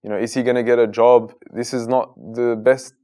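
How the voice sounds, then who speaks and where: This is a man in his thirties who grew up in Australia. His pitch sits in the middle and he sounds earnest. He tells his own story for an interviewer and grows animated when he quotes other people. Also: normal speed. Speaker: guest, Muslim content creator.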